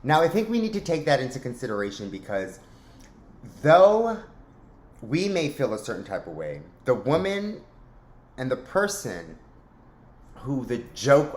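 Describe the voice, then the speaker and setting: Chatty joking male vlog host, mid pitch, echoey room. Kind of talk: casual commentary. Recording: roomy echo.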